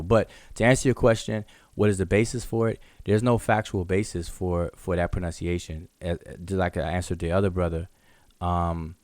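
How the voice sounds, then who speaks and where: A man's voice: sits low, darkish tone, dry recording. A man teaching in a live online question session, explaining patiently, repeating and restarting words and sounding out examples. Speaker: hieroglyphics teacher.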